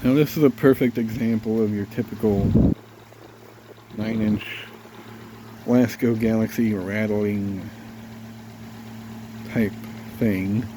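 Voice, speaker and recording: A man's voice: lowish voice, steady tone, takes it slowly, pauses often, background noise. A congested man rambling casually as he shows off and tests an old electric fan. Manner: rambling, easygoing, thinks aloud with fillers. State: congested, nasal from a cold. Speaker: fan collector reviewing a vintage fan. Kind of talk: casual show-and-tell vlog.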